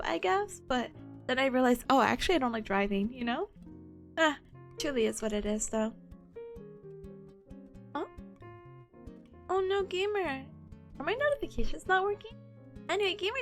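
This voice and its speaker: A young woman with a hoarse, fading voice, reviewing study notes for her stream in a bubbly, giggly, chatty way. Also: high-pitched.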